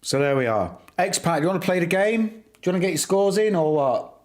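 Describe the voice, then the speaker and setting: A man's voice: high voice, animated, brisk. A middle-aged man hosting a live stream, chatting casually and teasing his viewers by name. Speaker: livestream host.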